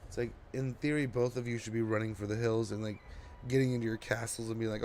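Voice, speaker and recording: A man's voice: medium pitch, flat delivery, fast, a little mellow, slight background noise. Drowsy, rambling male game streamer. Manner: chatty and rambling, talking to chat while playing. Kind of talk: casual gameplay commentary.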